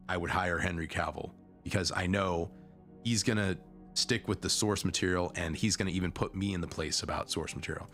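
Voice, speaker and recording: A young man with a deep, low voice chats casually as a streamer, rambling from one topic to the next and often breaking off mid-sentence to start again. Soft music plays faintly underneath his talk. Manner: rambling, self-interrupting, conversational. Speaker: vtuber streamer.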